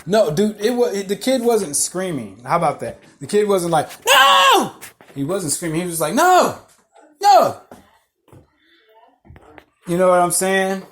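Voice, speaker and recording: Rambling, animated man telling stories. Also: high-pitched, fairly quick, few pauses. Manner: animated, rambling, swears freely, laughs at own stories. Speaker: podcast host. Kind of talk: casual storytelling monologue.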